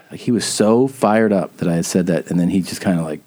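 A man hosting a podcast, telling an animated story and acting out the people in it. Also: deep voice, fairly quick. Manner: animated storyteller who acts out quotes. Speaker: podcast host. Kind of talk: casual chat.

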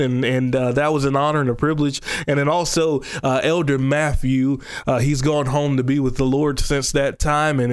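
A man preaching a recorded sermon, teaching scripture with energy and getting excited, slowing down to read verses with heavy emphasis. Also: fairly high pitch.

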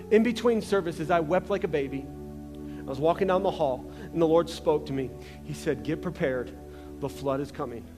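A young male pastor preaching a casual, conversational sermon, full of restarts and asides, in a large church. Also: sits high. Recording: reverberant church hall with faint music.

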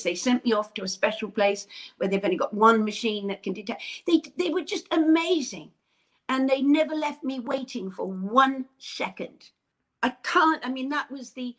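An older woman guest in a casual interview, talking in an animated, bubbly and effusive way. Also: fairly high pitch. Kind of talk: casual chat.

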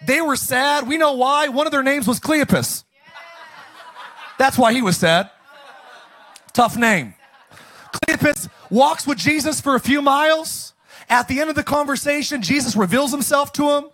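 A man preaching a jokey, energetic Easter sermon as pastor, often bursting into shouts. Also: measured pace, pauses often. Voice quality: high, bright, animated preaching voice.

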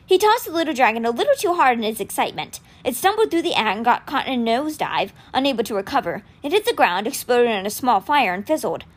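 A woman reading a novel aloud for a podcast, telling the story in an expressive way. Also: on the high side, fast talker, few pauses. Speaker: audiobook reader.

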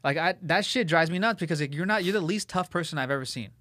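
A young man co-hosting a podcast, ranting in an animated way and swearing heavily in casual banter. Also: fairly high pitch, fast, dry recording, studio quality. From Italian-American family. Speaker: podcast co-host.

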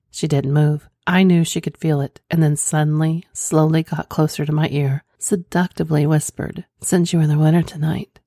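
A woman reading a scripted first-person story aloud in a steady, measured way. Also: low voice, dry recording, studio quality.

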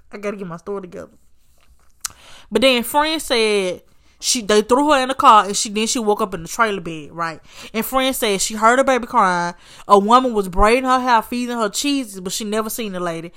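Sassy, bright-voiced woman telling a story. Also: mid-range voice. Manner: sassy, animated, swears freely, calls listener honey and baby. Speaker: podcast host. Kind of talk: casual storytime commentary.

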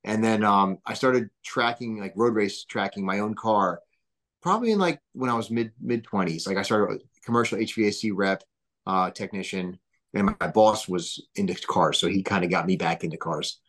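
A man's voice: lowish voice, moderate pace. A man in his thirties, a guest on a podcast, telling casual stories in a rambling way full of fillers. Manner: rambling, filler-heavy, animated. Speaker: podcast guest, business founder. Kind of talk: casual storytelling interview.

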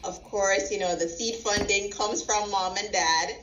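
Woman, proud parent guest, tells animated stories and acts out the quotes, recorded in a roomy space with dull audio. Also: medium pitch, measured pace. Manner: animated storyteller acting out quotes. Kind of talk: casual interview. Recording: roomy, slightly dull sound.

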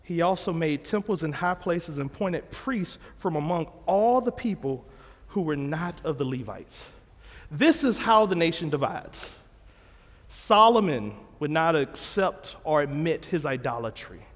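A man's voice: a little high, animated, a little slow, big-room sound. A man preaching a sermon, retelling scripture in a plain, conversational way and correcting himself as he goes. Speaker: pastor.

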